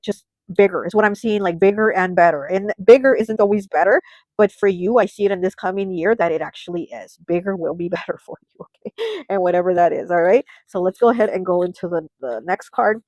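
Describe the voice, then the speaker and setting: A woman's voice: medium pitch, darkish tone, dry recording, low-quality recording. A woman giving a casual tarot reading, talking chattily with many filler words and restarts. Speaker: tarot reader.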